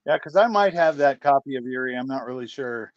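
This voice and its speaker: A man in casual chat, speaking hesitantly and slowly with many ums and uhs. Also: mid-range voice, expressive, no room sound. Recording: dull dry remote audio.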